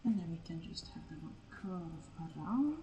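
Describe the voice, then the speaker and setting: A woman's voice: lowish voice, expressive, normal speed, reverberant, background noise. A woman art streamer chatting casually as she draws, scattered and self-mocking, and she swears freely. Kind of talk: casual live-stream chat while drawing.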